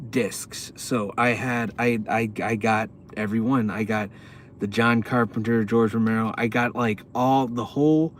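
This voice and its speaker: Slow-talking young man telling a rambling story. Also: medium pitch, slight background noise. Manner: rambling, profane, animated storytelling with many restarts. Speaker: podcast host. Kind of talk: casual storytelling chat.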